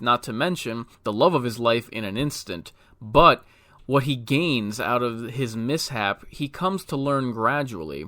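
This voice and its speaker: A man's voice: medium pitch, fairly bright tone, no room sound. A man reading a scripted film review with dry, wry humor.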